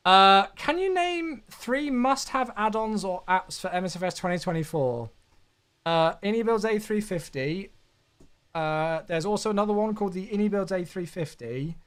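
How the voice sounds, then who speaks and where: A man's voice: high voice, animated, normal speed, fairly bright tone, smooth. A man streaming a flight simulator, chatting casually with viewers, thanking them and joking to himself.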